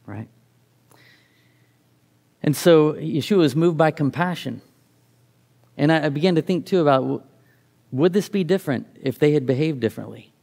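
Man, middle-aged, sermon, gravelly voice, reflective, reads scripture aloud. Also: a little high, expressive, moderate pace, pauses often, mellow. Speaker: preacher.

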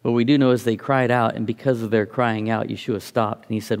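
Middle-aged male preacher with a gravelly voice, thoughtful sermon delivery with frequent restarts. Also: mid-range voice, fairly even intonation, a little fast, darkish tone. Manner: reflective, reads scripture aloud, restarts phrases.

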